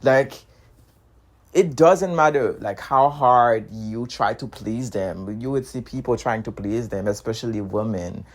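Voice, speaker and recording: Man, non-native accent, heated casual monologue, repetitive, laughs between points, mid pitch. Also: measured pace. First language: not English. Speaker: commentator.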